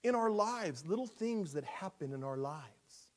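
A male pastor preaching a sermon in an animated storytelling manner, dropping to a hush and rising to shouts. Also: high voice, measured pace.

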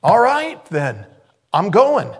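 A man's voice: high voice, wildly swooping pitch, slow, husky, voice pushed up, exaggerated voice. A man voicing Jesus as a breezy, offhand fellow in a retold sermon story.

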